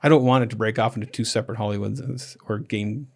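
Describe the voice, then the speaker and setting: A man's voice: on the low side, fairly even intonation, quick pace, vocal fry. A man hosting a podcast in casual chat, rambling with many restarts and fillers. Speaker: podcast host.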